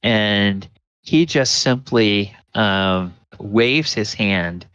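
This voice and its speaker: A man narrating a tabletop game as dungeon master, describing the scene in a halting way full of fillers. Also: lowish voice, lively intonation, a bit bright, smooth, no echo, dull audio.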